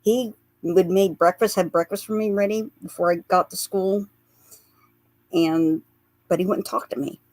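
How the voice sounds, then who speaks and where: A woman's voice: medium pitch, fairly even intonation, moderate pace, darkish tone, no room sound. A woman, a guest on a radio interview, earnestly recounting memories in a storytelling manner and laughing through the lighter parts. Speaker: guest, psychic portrait artist.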